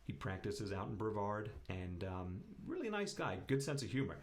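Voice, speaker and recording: Guy with a lowish voice telling a funny story, lively and joking around. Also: normal speed. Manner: animated, jokey storyteller. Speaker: guest. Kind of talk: casual storytelling chat.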